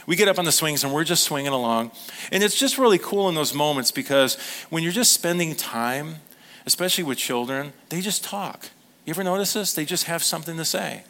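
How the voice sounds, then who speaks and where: A man's voice: on the high side, lively intonation, fairly quick, a bit bright. A man in his fifties, a pastor preaching to a congregation in a conversational storytelling way, often asking the listeners questions. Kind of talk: sermon.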